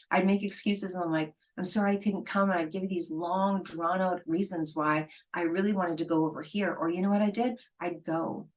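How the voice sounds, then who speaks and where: A woman's voice: lowish voice, fairly bright tone, low-quality recording. A middle-aged woman hosting a solo podcast, talking candidly and conversationally, sometimes acting out what her friends said. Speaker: podcast host.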